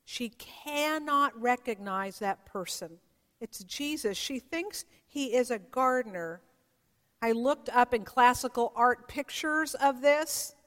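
A woman pastor preaching a sermon in a church, telling the story slowly and reflectively with dramatic pauses. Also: a little high, lively intonation, fairly bright tone. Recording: long reverb of a large hall.

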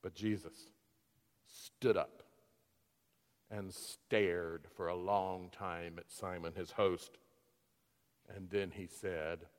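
Slow-paced male preacher in a reverberant hall. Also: low-pitched, fairly even intonation. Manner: dramatic retelling, then slow reflective preaching. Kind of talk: sermon storytelling.

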